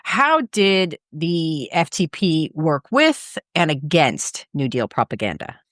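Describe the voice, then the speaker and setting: A podcast host asking a guest questions in a measured, relaxed way. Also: mid-range voice, no room sound, clean studio sound. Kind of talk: interview questions.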